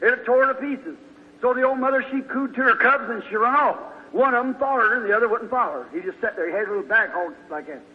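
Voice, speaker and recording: Male preacher, very high voice, folksy and fervent, dull recording in a big echoing hall. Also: fast. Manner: folksy storytelling, fervent outbursts. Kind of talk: sermon. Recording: dull sound in a large hall.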